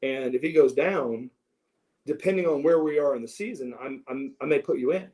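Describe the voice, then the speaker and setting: A middle-aged man telling stories from his youth in a casual interview, animated and prone to restarts as he acts out what others said. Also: medium pitch, moderate pace, low-quality recording. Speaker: interview guest. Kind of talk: casual storytelling.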